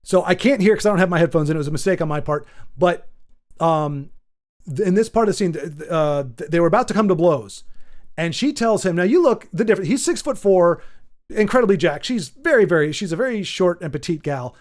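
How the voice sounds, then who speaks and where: A man's voice: sits high, expressive, a little fast. A man hosting his own channel, ranting off the cuff in a rambling way, full of restarts and fillers. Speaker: channel host. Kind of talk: off-the-cuff commentary rant.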